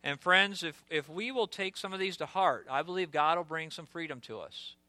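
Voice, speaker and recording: A man preaching a sermon as pastor, earnest and direct, sometimes dropping to a hushed voice for storytelling asides. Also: a little high, lively intonation, normal speed, dry recording.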